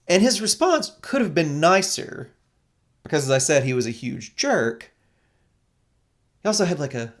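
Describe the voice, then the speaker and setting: A lecturer talks through a logic lesson with a lively pitch that climbs and drops often. The delivery is conversational and explanatory, full of asides and repeated checks with the class. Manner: animated, explanatory, asks "right?" often. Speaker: philosophy lecturer. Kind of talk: recorded lecture.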